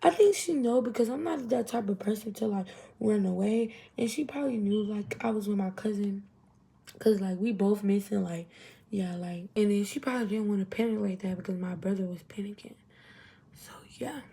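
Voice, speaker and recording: A young adult woman telling a storytime to her viewers in an animated, chatty way. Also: medium pitch, moderate pace, gravelly, breathy edge. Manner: animated, chatty, heavy use of 'literally' and 'y'all'. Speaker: vlogger. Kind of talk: casual storytime.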